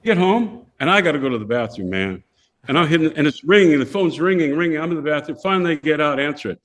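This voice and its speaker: Speaking quickly in a fairly high pitch, an older man guesting on a podcast relates casual anecdotes. He acts out the voices of the people involved, keeping things animated.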